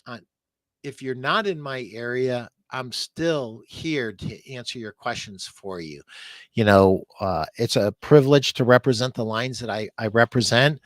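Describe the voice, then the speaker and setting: A man's voice: medium pitch, no echo. Earnest, emotional man on a dry mic. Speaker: furniture sales rep guest. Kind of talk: live podcast chat.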